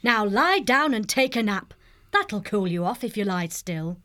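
Guy doing a motherly carer lady, firm but gentle, voice bouncing up and down. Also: sits high, expressive, unhurried, pitched above the performer's own voice, full character voice. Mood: scolding. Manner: scolding gently, soothing. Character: motherly female abbey carer, patient and firm.

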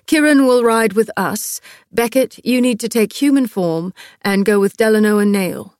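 A woman's voice: a little high, moderate pace, a little mellow, no echo, studio quality, close to an everyday voice. A woman voicing a commanding young man who leads a travelling group, speaking in firm, clipped orders. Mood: brisk. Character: commanding young male leader, steady and protective.

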